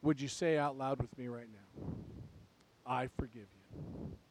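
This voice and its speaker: A man preaching a sermon to a church congregation, swinging between quiet, reflective passages and loud, urgent ones. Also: medium pitch, fairly even intonation, measured pace, slight background noise, low-quality recording. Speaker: pastor. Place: church sanctuary.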